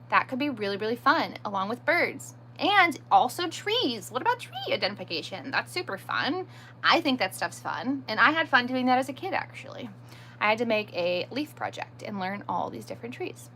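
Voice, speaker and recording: A woman's voice: on the high side, sing-song, moderate pace, bright, forceful tone, slight background noise. A woman hosting a live stream in casual chat, answering viewer comments and poking fun at herself, firm with pushy viewers. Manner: chatty, answers viewer comments as they come; self-deprecating.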